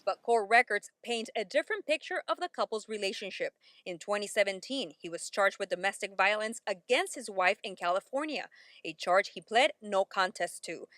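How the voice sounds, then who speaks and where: A woman reporter reads a news package in a steady, formal way. Her voice has a middle pitch. The sound is dry and close. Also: normal speed, no echo. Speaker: field reporter.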